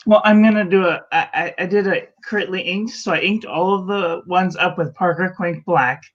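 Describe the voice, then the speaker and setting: A woman's voice: fairly low pitch, normal speed, muffled recording. A woman joining a casual chat as a guest, making dry, hesitant remarks.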